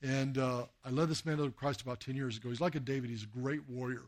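A male preacher who talks to his congregation like he's telling stories over coffee, with plenty of "uh" and "you know" along the way. His voice sits at an ordinary middle pitch. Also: fairly even intonation, quick pace. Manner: anecdotal, conversational, with frequent fillers and acted quotes. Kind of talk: sermon with storytelling.

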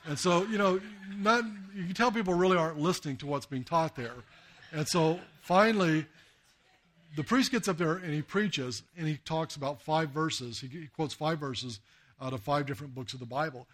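A man's voice: on the high side, moderate pace, fairly bright tone. A man preaching a sermon, telling stories in a conversational way with many fillers. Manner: anecdotal, conversational, with frequent fillers and acted quotes. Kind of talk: sermon with storytelling.

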